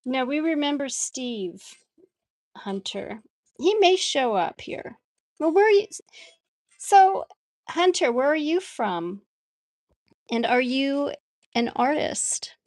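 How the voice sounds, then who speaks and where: A woman's voice: high-pitched, very animated, slow pace, dry recording. A woman chatting casually with viewers while she draws on a livestream, laughing often as she reads out their comments. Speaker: art livestream host.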